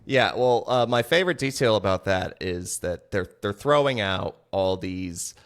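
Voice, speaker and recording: Chatty podcast co-host man, lowish voice. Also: lively intonation, measured pace. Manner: chatty, acts out quoted lines in jumped-up voices. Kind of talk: casual film discussion podcast.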